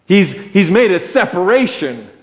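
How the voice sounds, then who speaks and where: A male preacher giving a sermon in a conversational, joking way, slow and deliberate, in a church. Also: sits high, very animated. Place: church sanctuary. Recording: echoey church sanctuary.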